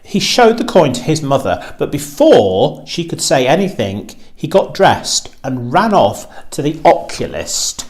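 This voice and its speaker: A man reading a children's storybook aloud, with a slow and expressive delivery. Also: on the high side.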